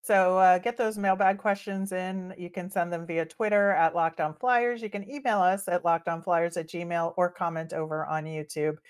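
A young woman with a slightly low voice co-hosts a sports podcast. She talks in a loose, upbeat way and fills her sentences with "um" and "you know.". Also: fairly even intonation, moderate pace, hardly any pauses, clear, resonant tone. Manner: chatty, upbeat, many fillers. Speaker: podcast co-host. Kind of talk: casual hockey podcast chat.

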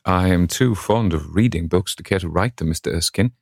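A witty, languid young aristocrat, read by a man for a storybook recording, who turns every line into a neat epigram. The voice stays deep and gravelly, recorded close and dry. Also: a little fast, no room sound.

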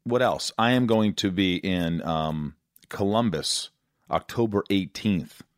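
A man's voice: deep voice, takes it slowly, no room sound, clean studio sound. A man hosting a podcast, reading an upbeat, promotional show introduction. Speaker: podcast host.

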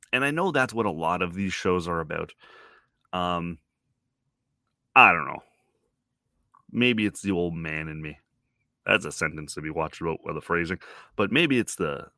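A man's voice: low-pitched, sharp tone, dry recording, clean studio sound. A man from Toronto in his thirties hosting a podcast, rambling through a wry, self-deprecating monologue and swearing casually. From Toronto, Canada. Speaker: podcast host.

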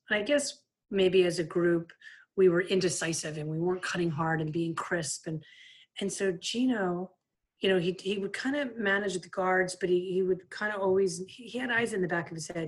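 Woman, 50s, lower register, lively anecdotal guest storyteller, conversational. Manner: lively anecdotal, frequent "like" and "you know". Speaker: guest, former player and coach. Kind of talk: casual storytelling interview.

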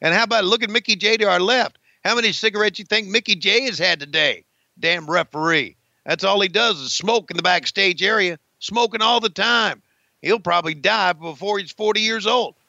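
A man co-hosting a podcast, calling a wrestling match with excitable, profane play-by-play, on a dull lo-fi recording. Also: sits high, fairly quick, creaky, no echo. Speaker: co-host and wrestling commentator. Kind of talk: casual podcast match commentary.

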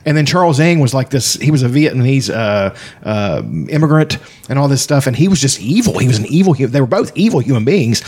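A man in casual podcast chat, telling stories in a profane, animated way. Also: mid-range voice, a little fast, husky.

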